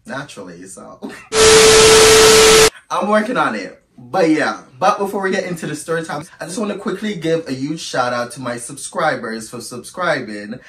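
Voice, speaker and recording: A storytime YouTuber with a fairly high voice talks quickly with few pauses, chatting expressively to viewers he calls "girl." He's far from the mic in a room with echo, and a noisy crowd can be heard behind him.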